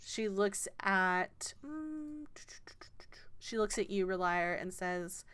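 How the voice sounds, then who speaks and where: Woman game master, slow, hesitant, smooth clear voice. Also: medium pitch, a bit bright. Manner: hesitant, many fillers, laughs often. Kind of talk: narrating a tabletop game.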